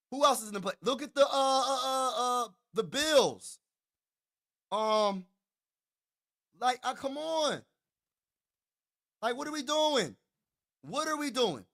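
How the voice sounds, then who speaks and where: A man's voice: very high voice, lively intonation, slow pace, pauses often, fairly bright tone. A man hosting a sports show, ranting as an emphatic, hyped fan, with stammering restarts and lots of repetition.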